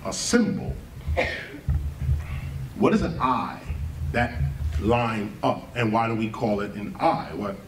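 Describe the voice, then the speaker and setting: A man's voice: fairly low pitch, animated, takes it slowly, pauses often. A man giving a rhetorical lecture, firing questions at the listener and spelling words out letter by letter. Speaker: speaker giving a talk. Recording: echoey room, far from mic, faint ambient noise.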